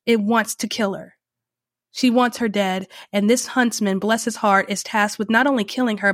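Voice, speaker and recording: A woman hosting a podcast, retelling a story in a chatty way with wry asides and sharp opinions. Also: medium pitch, dry recording, clean studio sound. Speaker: podcast host. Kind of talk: opinionated commentary.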